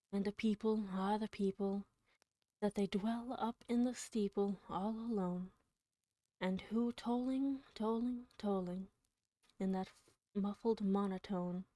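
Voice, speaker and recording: A woman on a livestream, reading poetry aloud dramatically with drawn-out words and whispered passages, then chatting with her viewers. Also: mid-range voice, mellow, no echo.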